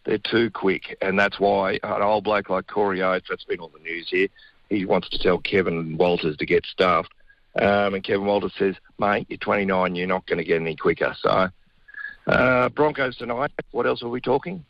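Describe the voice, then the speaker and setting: A man's voice: lowish voice, fairly even intonation, normal speed, no echo, highs cut off. A middle-aged man with an Australian accent, a regular radio guest talking sport in blokey, laughing banter. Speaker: radio guest, former rugby player. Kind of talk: casual sports chat.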